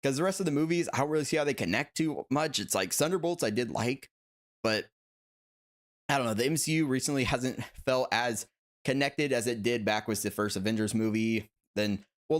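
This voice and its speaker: A talkative young man hosts a casual livestream and reacts to viewer comments as he goes. His voice sits at an ordinary middle pitch. He laughs easily and leans on filler words. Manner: chatty, laughs often, lots of "like" fillers. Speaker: host of a collectibles livestream.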